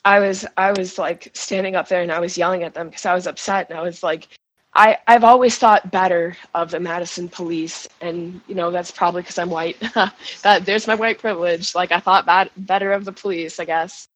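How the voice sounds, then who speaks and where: A shaken woman giving an emotional first-person account as a guest, halting and restarting, with nervous laughs. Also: lowish voice, fairly even intonation, no echo, low-quality recording. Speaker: guest recounting events.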